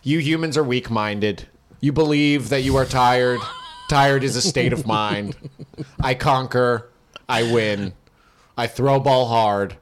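A man's voice: mid-range voice, slow, natural voice. A man voicing a boastful alien college quarterback in a stiff, formal way, sometimes in broken English. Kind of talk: improvised comedy character.

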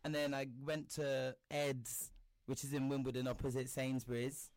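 Young man telling an animated story. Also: mid-range voice, normal speed. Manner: animated, acts out quoted voices, swears. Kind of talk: casual chat, storytelling.

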